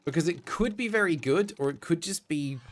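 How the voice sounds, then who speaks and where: A man's voice: on the high side, expressive, a little fast. A man from Australia casually chatting with viewers and commenting while he streams a game. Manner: chatty, greets viewers by name, reads game lines aloud. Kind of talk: casual let's-play commentary.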